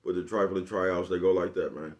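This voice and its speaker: A man vlogs a casual comedic rant to the camera, laughing a lot and leaning on slangy, profane street talk, repeating "you know what I'm talking about." His voice is deep and steady in tone, and he talks fairly quickly.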